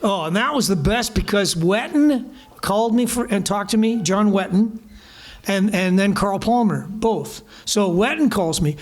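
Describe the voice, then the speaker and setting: A man's voice: high-pitched, moderate pace. A Canadian man, a guest musician, telling anecdotes in conversation, acting out the voices of the people in his stories. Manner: animated anecdotes, acting out quoted voices, laughing. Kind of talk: storytelling conversation. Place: small live music venue.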